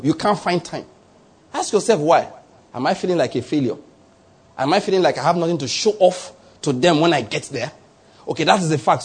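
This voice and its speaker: Nigerian pastor guy preaching, kinda husky, a bit high, stretches words out. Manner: animated preaching, drawn-out emphasis, chuckles. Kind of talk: sermon.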